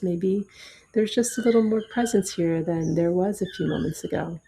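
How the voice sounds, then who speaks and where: A woman with a low, gravelly and mellow voice leads a guided breathing meditation. She speaks slowly and softly, leaving long, calm pauses between her instructions. The faint background ambience stays steady under her voice. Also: a little hiss or hum. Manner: slow, soft, calm guiding voice with long pauses. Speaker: yoga and breathwork teacher.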